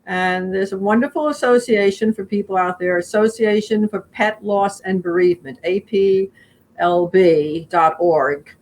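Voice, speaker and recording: A middle-aged woman answering interview questions in a rambling, warm way, often acting out her animals' voices. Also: mid-range voice, measured pace, poor audio. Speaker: guest speaker.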